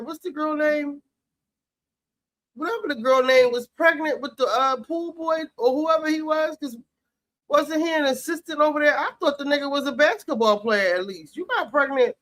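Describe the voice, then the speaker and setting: A man's voice: very high voice, unhurried, sharp tone. A man giving sassy, profane, heated commentary on a reality show while cooking in his home kitchen. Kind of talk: casual commentary chat.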